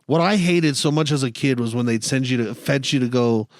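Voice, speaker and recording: A man's voice: mid-range voice, a little fast, no echo, studio quality. A young man co-hosting a podcast, telling stories in casual chat, swearing freely and laughing as he goes. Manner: profane, storytelling with laughs. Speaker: podcast co-host.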